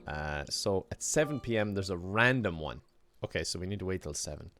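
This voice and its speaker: A man's voice: deep voice, animated, brisk, a bit bright. Chatty young Irish man streaming. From Ireland. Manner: chatty, laughs often, thanks viewers. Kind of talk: casual live-stream chat.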